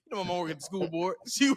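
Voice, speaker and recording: A man, chatting on a podcast. His voice sits high and swoops widely, and he laughs through his own punchlines. This is easy, casual storytelling.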